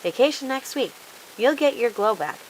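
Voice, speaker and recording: A woman's voice: fairly high pitch, animated, normal speed, slight background noise, pitched above the performer's own voice, natural voice, poor audio. A woman reading aloud and voicing Santa, a kindly, cheerful old man, in a storybook.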